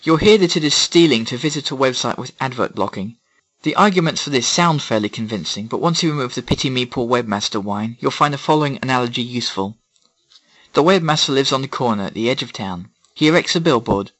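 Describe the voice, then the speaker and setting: A man's voice: medium pitch, lively intonation, a little fast, fairly bright tone, highs cut off. Sarcastic man reading a ranting monologue. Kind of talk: scripted opinion monologue.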